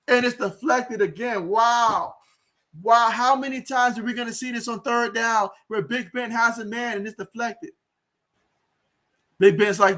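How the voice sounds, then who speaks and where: A man hosting a sports livestream, calling a football game play by play, talking to viewers and reading out their chat comments in an excitable way. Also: high-pitched, normal speed.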